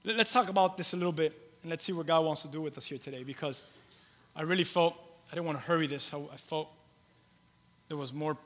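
Man preaching in a reverberant church. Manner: swings from loud emphatic preaching to soft, low storytelling; halting restarts, repeats phrases for emphasis. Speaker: pastor. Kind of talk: sermon. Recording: long hall reverb.

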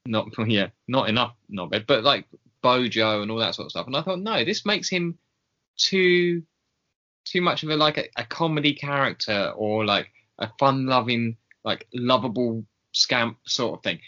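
Podcast co-host, man, bright tense tone, wry and laughing, muffled lo-fi audio. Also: mid-range voice, normal speed. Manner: wry, laughing, animated when opinionated. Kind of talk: casual chat.

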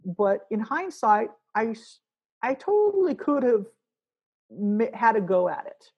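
Husky lady musician just chatting, lots of restarts, kinda rambly. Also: on the high side, sing-song, measured pace, lo-fi sound. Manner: rambling, many restarts, thinking aloud. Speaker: musician guest. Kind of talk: casual interview talk.

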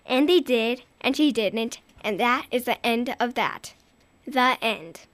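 Woman, storyteller, children's story, high voice, bright, dry close sound. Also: slow, dry recording, faint music behind. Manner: lively, expressive storytelling.

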